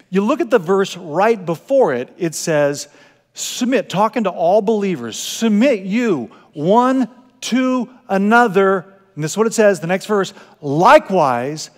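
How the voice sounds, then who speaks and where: A male pastor preaching a sermon with animated delivery, swinging between loud exclamations and quiet asides. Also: sits high, measured pace, in a large hall. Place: church sanctuary.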